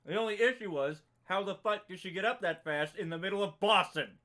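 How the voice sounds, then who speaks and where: A man's voice: sits high, fairly quick, pushed and bright. A man co-hosting a streamed book discussion, retelling the plot emphatically and swearing freely in casual chat. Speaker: book club podcast co-host.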